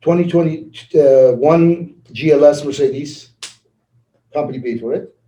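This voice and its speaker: Animated man telling money stories. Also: fairly high pitch, measured pace, reverberant, highs cut off, slight background noise. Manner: animated, acts out dialogue, laughs often. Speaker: network marketing leader. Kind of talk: casual motivational talk with storytelling.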